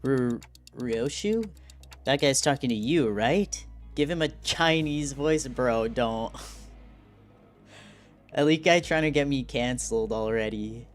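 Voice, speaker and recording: A man's voice: mid-range voice, takes it slowly, faint music behind. A man streaming a story game, casually reading it aloud and making joking, laughing asides. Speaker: gaming streamer.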